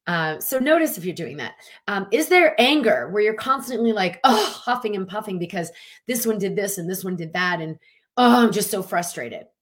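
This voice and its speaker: A woman coach giving a casual, animated motivational talk, acting out little quotes and filling with "like". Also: mid-range voice, fairly quick. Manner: animated, chatty, lots of "like" and acted-out quotes. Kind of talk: motivational talk to an online audience.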